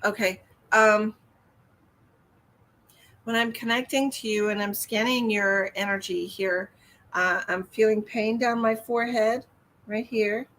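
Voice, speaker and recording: A woman's voice: mid-range voice, fairly even intonation, a little slow, pauses often, a bit bright. A woman giving live psychic readings on a stream, speaking soothingly and calling viewers hun and honey. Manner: soothing, calls viewers hun and honey, reads comments aloud.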